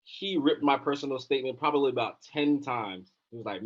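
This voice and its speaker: A young man in his twenties, a physician assistant student, telling his story in a relaxed, casual interview with many fillers. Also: medium pitch, a little fast. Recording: dull lo-fi sound.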